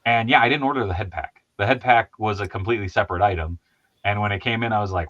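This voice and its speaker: A man's voice: fairly low pitch, quick pace, fairly bright tone, no room sound, highs cut off. A man hosting a casual chat about toys, rambling and laughing at himself. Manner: rambling, laughs often, self-deprecating. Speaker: host.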